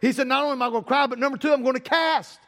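A male pastor with a very high-pitched voice delivers a sermon. He repeats his phrases and climbs to loud, emphatic peaks before easing back down. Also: steady tone, rapid-fire, gravelly, long reverb tail.

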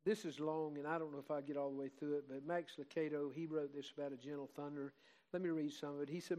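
Older pastor, fairly high voice, heartfelt sermon with fervent swells. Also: male voice, flat delivery, fast talker, mellow, rough recording. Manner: heartfelt, rising to fervent emphasis.

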